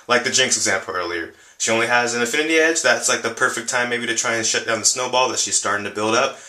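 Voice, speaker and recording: A young man rambles casually through a game explainer, his voice bright and forceful. He leans on fillers and keeps jumping his pitch up and down. The sound bounces around a roomy, echoey space. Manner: rambling, filler-heavy, lively pitch jumps. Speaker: gaming channel host. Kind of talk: casual video commentary. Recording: echoey room.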